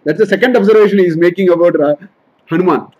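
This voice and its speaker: Speaking very fast, a man with a high, slightly rough and somewhat mellow voice teaches a scripture study class as a Vedanta teacher. He goes verse by verse, often repeating and correcting himself, on a lo-fi recording.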